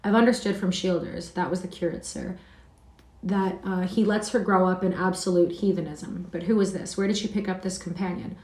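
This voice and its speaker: Woman reading a pompous, blustering old gentleman-magistrate; low, roomy. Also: fairly even intonation, a little fast, close to an everyday voice. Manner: pompous, indignant. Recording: roomy sound from a distant mic.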